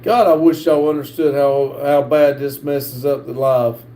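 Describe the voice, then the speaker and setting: A middle-aged man with a North Carolina accent hosts a live stream and reads viewer comments aloud, halting often with "uh". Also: mid-range voice, steady tone, mellow. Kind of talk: casual live-stream chat. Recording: echoey room with faint background hiss.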